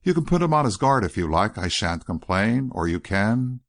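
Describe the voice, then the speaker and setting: A man voicing an earnest, courteous gentleman. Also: lowish voice, sing-song, moderate pace. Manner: earnest, polite, pleading. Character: earnest young gentleman spy, courteous and persistent. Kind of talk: audiobook dialogue reading.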